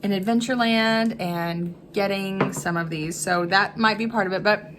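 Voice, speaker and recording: A woman hosting a casual home cooking vlog from her kitchen, chatty and quick to laugh, with frequent "um"s. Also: mid-range voice, noisy background. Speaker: cooking vlog host and mother.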